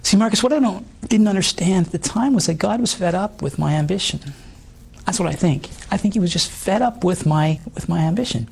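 A middle-aged man with a hoarse voice, giving an earnest personal testimony in an interview, halting with many fillers. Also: high voice, animated, a little mellow. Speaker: guest.

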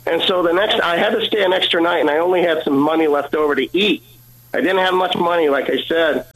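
A man's voice: a little high, quick pace, a bit bright, rough recording. A man giving an earnest personal testimony as a guest, acting out the dialogue as he tells it.

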